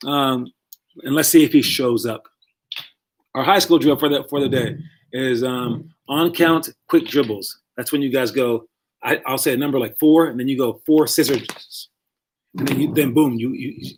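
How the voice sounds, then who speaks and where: Casual rambling basketball coach. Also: male voice, mid-range voice, breathy edge. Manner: casual, rambling, repeats himself for emphasis. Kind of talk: live-streamed coaching talk to young players.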